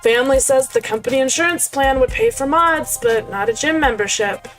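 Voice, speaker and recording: A woman's voice: high-pitched, brisk, faint music behind, pitched above the performer's own voice. A woman voicing a laid-back female medical examiner in a chill, drawling stoner voice for a story game. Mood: mellow. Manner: relaxed, drawling, casual.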